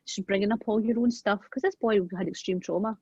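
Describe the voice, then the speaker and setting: A woman guest in an interview, earnestly telling a personal parenting story and acting out the quoted lines, often trailing off softly. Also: mid-range voice, fairly even intonation, fast talker, slightly rough, dry recording. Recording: dull, dry, lo-fi sound.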